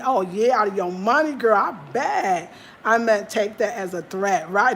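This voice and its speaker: A woman's voice: mid-range voice, normal speed, a little hiss or hum. A woman hosting a live stream from Ghana, candidly chatting and answering viewer comments. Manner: candid, animated, talks straight to viewers. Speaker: livestream host. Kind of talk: casual chat reading viewer comments. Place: home in Ghana.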